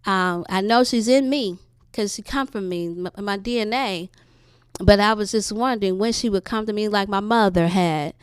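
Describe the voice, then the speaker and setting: A woman's voice: normal speed, smooth, dry recording, clean studio sound. Earnest woman sharing a heartfelt testimony. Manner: earnest, conversational, addresses audience as y'all; rises high and bright when excited. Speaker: wellness channel host. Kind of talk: heartfelt personal testimony to viewers.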